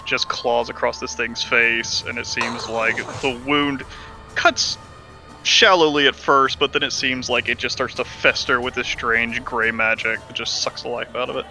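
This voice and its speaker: A man's voice: mid-range voice, flat delivery, normal speed, vocal fry, sharp tone, soft background music. A man describing his character's spells as a player in a tabletop game.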